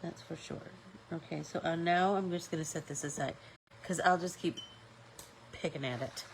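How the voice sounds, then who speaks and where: A woman's voice: deep voice, moderate pace, slight background noise, poor audio. A woman with a stuffy nose hosting a live-stream art class, chatting casually and thinking aloud with fillers as she paints.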